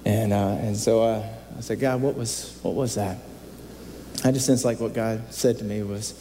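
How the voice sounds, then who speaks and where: Storytelling pastor in an echoing hall. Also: male voice, on the low side, a little fast, mellow, a little hiss or hum. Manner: storytelling, self-mocking, acts out quotes. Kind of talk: sermon. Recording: reverberant hall, faint ambience.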